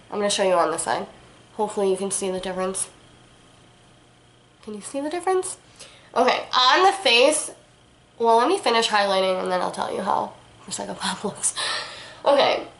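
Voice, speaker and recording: A young woman reviewing makeup in a casual, gushing, chatty way, talking straight to her viewers. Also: medium pitch. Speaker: beauty vlogger. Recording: echoey room.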